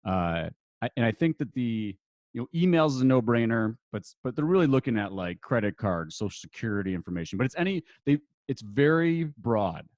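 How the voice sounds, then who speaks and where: A man's voice: medium pitch, very animated, brisk, darkish tone, no echo, muffled recording. A man, an attorney and marketer guesting on a podcast, explaining rules in a loose conversational way with many fillers and restarts.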